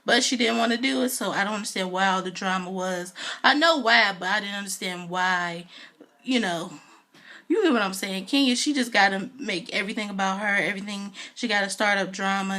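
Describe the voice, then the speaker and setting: A woman's voice: medium pitch, fairly quick, pushed and bright. A woman recapping a reality show on her video channel, chatty and opinionated, with lots of fillers and asides. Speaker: video reviewer.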